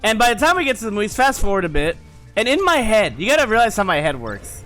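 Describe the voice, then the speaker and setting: A young man spins a casual story in a high, bright voice that swings widely up and down. He talks in an animated, profane way and often breaks into laughter. Faint music plays behind him. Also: quick pace. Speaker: gamer telling stories.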